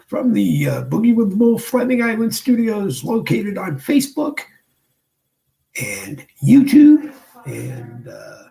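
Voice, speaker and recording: A man hosting his own livestream show, talking casually and rambling with many pauses from his home studio desk. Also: on the high side, creaky, a little hiss or hum, low-quality recording. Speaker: show host.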